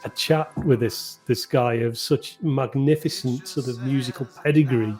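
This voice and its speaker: A man's voice: mid-range voice, steady tone, normal speed, a little mellow, soft background music. A middle-aged English man, a guest musician, telling stories in a chatty, self-deprecating way during a casual interview. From England. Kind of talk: casual video-call chat.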